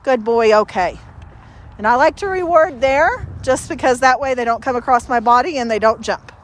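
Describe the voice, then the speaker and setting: A woman's voice: fairly high pitch, normal speed. A woman dog trainer giving a casual training demonstration, chatting with many fillers and breaking off for short, upbeat praise to the dog.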